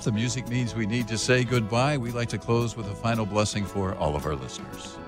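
Deep-voiced older radio host. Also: male voice, music in the background. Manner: earnest, slows down for emphasis. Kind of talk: radio talk show hosting. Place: radio studio.

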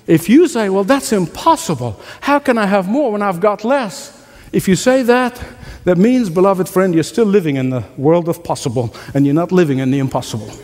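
Brief: male pastor, high voice, lively sermon delivery, hall reverb. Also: normal speed. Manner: animated preacher, acts out voices with laughs. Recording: long reverb of a large hall.

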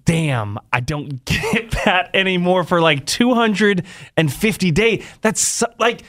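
Joking, higher-voiced man from Northern California. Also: expressive, a bit bright. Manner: joking, quick to laugh. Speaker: radio host. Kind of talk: casual chat.

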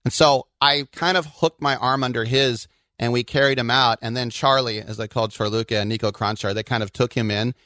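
A man from the Bay Area co-hosting a casual soccer podcast, telling quick anecdotes with lots of asides. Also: mid-range voice, steady tone, pushed and bright, dry recording. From Bay Area, California. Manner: chatty storyteller, quick asides. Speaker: co-host.

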